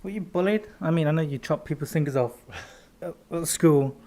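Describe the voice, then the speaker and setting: Teasing, playful man with a higher voice. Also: normal speed, warm tone. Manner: teasing and playful, laughs often. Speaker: podcast co-host. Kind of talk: casual podcast banter.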